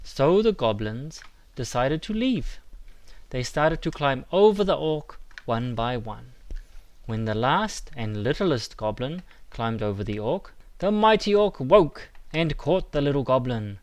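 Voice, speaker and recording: A man narrating a children's story in a slow, measured, expressive way. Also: medium pitch.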